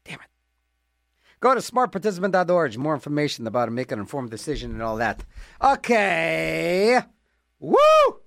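High, lively male radio DJ. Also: moderate pace, gravelly, no echo, studio quality. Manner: rambling, jokey, self-mocking asides. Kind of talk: casual radio DJ patter.

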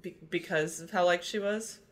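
A woman's voice: lowish voice, fairly even intonation, moderate pace. A young woman co-hosting a podcast, chatting casually and teasing her friends, swearing freely. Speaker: podcast co-host. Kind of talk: casual chat.

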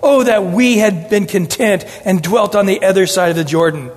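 A man preaches through a Bible passage in a high voice, acting out the quoted words with shifting inflections. His voice rings with the long reverb of a large hall. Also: moderate pace. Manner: animated, acts out scripture quotes with changing inflections. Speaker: pastor. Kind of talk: expository sermon.

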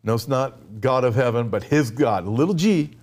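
A male pastor preaching a sermon, retelling scripture in a conversational, animated way with frequent asides. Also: mid-range voice, moderate pace.

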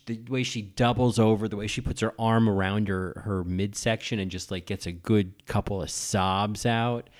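A man hosts a casual podcast and talks about a film he loves. His voice sits a little low. He is effusive and rambling, and he keeps restarting his sentences. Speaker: podcast host.

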